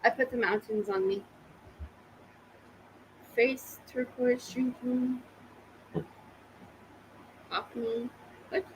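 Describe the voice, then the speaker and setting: A woman's voice: a little high, steady tone, very slow, long pauses, slight background noise, poor audio. A woman from Oklahoma co-hosting a casual live podcast, teasing and laughing often. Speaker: podcast co-host.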